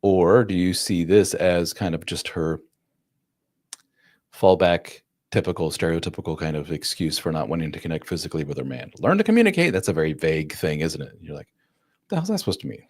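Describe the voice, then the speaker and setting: Blunt, animated low-voiced man host. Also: brisk, no echo, clean studio sound. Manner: blunt, casual, calls listeners man and dude; animated, acts out quoted voices. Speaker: host giving relationship advice to divorced dads. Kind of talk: live-stream chat answering viewer questions.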